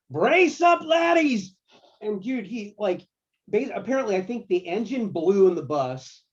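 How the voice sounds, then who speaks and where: A man tells tour stories in loose, slangy chat. His voice sits a touch high and sounds animated. The recording is dull and lo-fi. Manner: animated, laid-back, slangy. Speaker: guitar tech guest. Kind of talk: casual storytelling.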